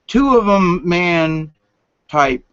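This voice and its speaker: Older man, folksy late-night rambler, pitch rises and falls a lot, dry close sound. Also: lively intonation, extremely slow, clear, resonant tone, no echo. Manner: folksy, meandering, drops to whispers. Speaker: vlogger. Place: home room, lights turned down. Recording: dull lo-fi sound.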